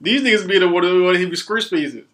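A man co-hosting a casual, profane chat, laughing loudly and often. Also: sits high, fast talker.

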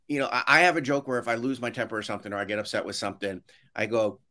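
Animated man telling stories on a call. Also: medium pitch, normal speed. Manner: animated storyteller, acts out quotes, many restarts. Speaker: podcast guest, education consultant. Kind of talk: casual interview chat. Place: home office with shelves. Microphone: video call.

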